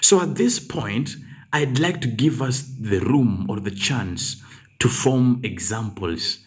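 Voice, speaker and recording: A man's voice: medium pitch, lively intonation, takes it slowly, husky. A man tutoring a live German grammar class, patiently reading out students' example sentences and correcting them.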